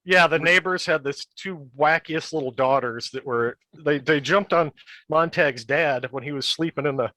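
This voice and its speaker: A bright, clear-voiced man in his fifties chats on a podcast, rambling through old stories. He restarts his sentences often and laughs as he goes. The sound is close and dry, with no room around him. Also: fairly high pitch, moderate pace, no echo. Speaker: podcast guest, metal band member. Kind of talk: casual storytelling chat.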